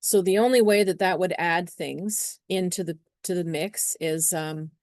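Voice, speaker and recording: Woman astrologer, casual talk, chatty and rambling, lowish voice, dry close sound. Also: a little slow, a little mellow, no room sound. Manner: chatty and meandering, acting out little scenes.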